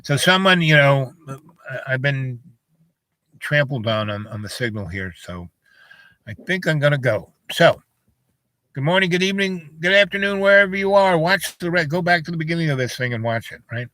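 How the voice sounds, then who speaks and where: A man's voice: on the high side, lively intonation, normal speed, pushed and bright. A man telling a long, meandering story in a casual monologue, full of fillers and side remarks. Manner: meandering, many fillers and asides. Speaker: vlogger. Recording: noisy with clicks.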